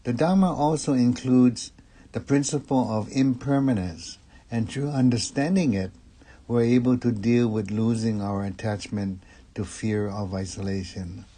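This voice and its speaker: A man giving a Dharma talk as a Buddhist minister, measured and calm. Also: medium pitch. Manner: slow, measured and calm delivery.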